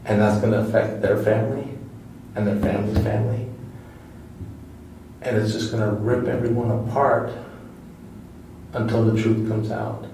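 A man's voice: on the low side, steady tone, normal speed, long pauses, dark tone, a little hiss or hum. A man questioning a suspect as a detective, firm and persuasive, often checking in with "okay?". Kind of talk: police interrogation. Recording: echoey room from far off.

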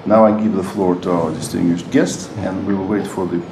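A man giving a formal, halting introduction to a guest speaker at a university, with many uh fillers. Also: deep voice, steady tone. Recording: echoey hall with noise.

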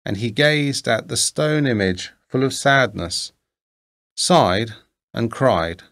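A man reading an old fairy tale aloud in a measured, deliberate storytelling manner. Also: mid-range voice, animated, fairly bright tone. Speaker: narrator.

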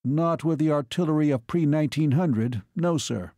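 A man's voice: on the high side, moderate pace, mellow, no echo, clean studio sound, pitched above the performer's own voice, natural voice. A man voicing a blunt male artillery chief giving practical answers.

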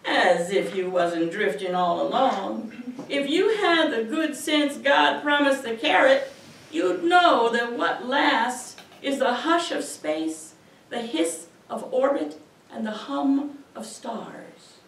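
A woman's voice: fairly high pitch, animated, slow pace, gravelly, fairly bright tone, heavily acted. A woman voicing a blunt, folksy muse spirit who mocks and scolds the speaker. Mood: scolding. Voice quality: folksy, mocking, talks back. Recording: echoey auditorium from far off.

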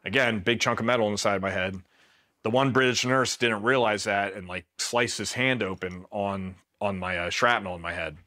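A middle-aged man from Pennsylvania tells his war stories in a relaxed, deadpan interview style, quoting his own lines flatly. His voice sits a little low, but its tone is bright and forceful. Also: normal speed. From Pennsylvania, USA. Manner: laid-back, deadpan, quotes himself flatly. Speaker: Marine veteran. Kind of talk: casual storytelling interview.

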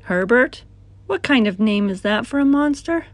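A woman doing a picky, high-voiced young boy. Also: expressive, moderate pace, dry recording, lightly acted. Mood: fussy. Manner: fussy and demanding.

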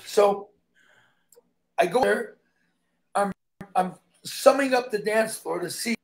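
A man's voice: high-pitched, slow, creaky. A man who is a stuntman, guesting on an interview and telling emphatic stories in which he acts out the dialogue.

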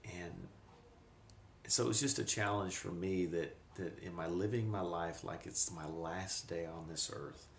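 Man, middle-aged, deep voice, reflective, halting, personal testimony, camcorder in an echoey room. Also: vocal fry, slight background noise. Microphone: handheld camcorder.

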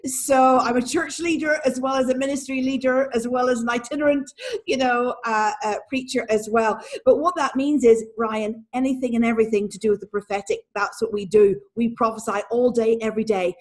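A woman in her forties with a Northern Irish accent, a guest in an interview, talking in a lively, animated way and laughing often. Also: a little high, fairly quick. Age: 40s. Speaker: guest, prophet and church leader. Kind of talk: casual interview talk.

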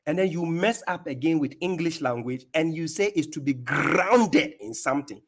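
A man's voice: a little high, lively intonation, moderate pace. A man from Ghana hosting a mocking rebuttal, taunting and laughing at the speaker in the clip he plays. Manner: scornful, taunting, laughs at his opponent. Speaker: host reacting to a clip.

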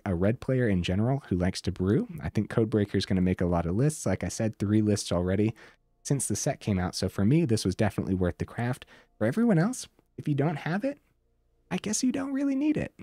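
Chill gamer guy rambling about his deck, lowish mellow voice, kinda hoarse, dry sound. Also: no room sound. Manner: rambling, laid-back, full of fillers. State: slightly hoarse, losing his voice. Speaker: game channel host. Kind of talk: casual deck breakdown commentary.

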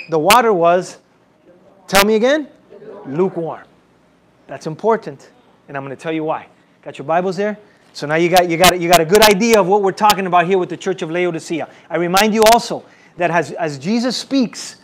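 High-voiced pastor preaching with call-and-response. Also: male voice, slight background noise. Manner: repetitive, emphatic. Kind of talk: sermon.

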